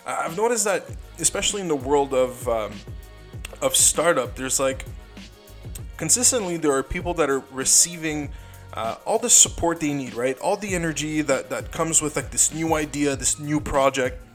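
A young man talks through a casual solo podcast episode, rambling from thought to thought. He leans heavily on fillers and keeps repeating "you know", and he swears freely. His voice sits a little on the high side for a man. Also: expressive, normal speed, soft background music. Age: young adult. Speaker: podcast host.

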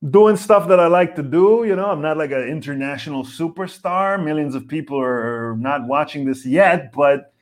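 A man's voice: a little high, animated, moderate pace, hardly any pauses. A man, hosting a podcast and riffing jokily in a casual comic monologue. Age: 40s. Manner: rambling, jokey, acts out mock voices of others. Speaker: podcast host.

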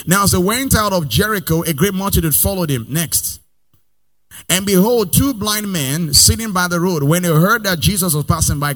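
Sing-song preaching man, high-pitched. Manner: sing-song preaching cadence, swelling loud then dropping soft and slow; calls for Bible verses from assistants between readings. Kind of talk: sermon.

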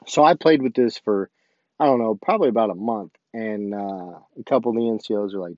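A man's voice: on the low side, fairly quick, dry recording, muffled recording. A man, an army sergeant, casually telling a story about his duty station and acting out the dialogue. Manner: animated, acts out quoted dialogue.

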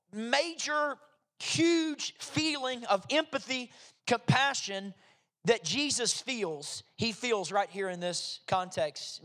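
A man preaching a sermon to his congregation in a high, ringing voice. He drives his points home with loud, repeated phrases and sudden emphasis. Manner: builds to loud emphatic repetition, then drops to a soft prayer. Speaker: pastor. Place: church hall with congregation.

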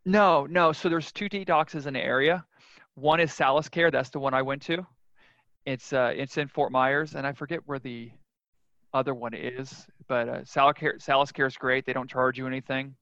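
A man's voice: mid-range voice, steady tone, moderate pace, pushed and bright, no echo. A man speaking as a podcast guest, telling his own story in a frank, earnest, confessional way. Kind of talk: casual interview storytelling. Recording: dull lo-fi dry sound.

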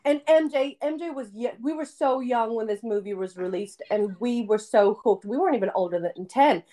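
A woman's voice: a little high, normal speed, over a noisy crowd. A young woman hosting a casual podcast chat, giggly and chatty with lots of fillers. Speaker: podcast host.

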